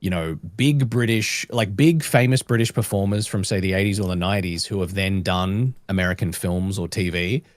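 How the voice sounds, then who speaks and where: A man from Australia speaks as a podcast guest, in a fairly low voice. He rambles in loose, friendly sentences, now and then dropping into a quick put-on voice. The sound is dry and close, with no room echo. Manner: rambling, puts on voices in quoted asides. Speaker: guest voice actor. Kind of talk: casual podcast conversation.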